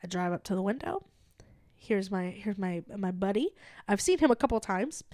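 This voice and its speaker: A young adult woman co-hosting a podcast, telling an animated story in casual chat and acting out the quoted lines. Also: mid-range voice, moderate pace, no echo, clean studio sound. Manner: animated, acts out quoted dialogue. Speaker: podcast co-host.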